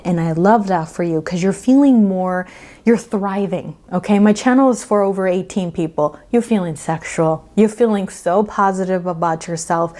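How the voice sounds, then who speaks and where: A woman's voice: mid-range voice, a little mellow. A woman giving a casual pick-a-card tarot reading, chatty and emphatic, often checking in with "okay?" and laughing between points. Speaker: tarot reader.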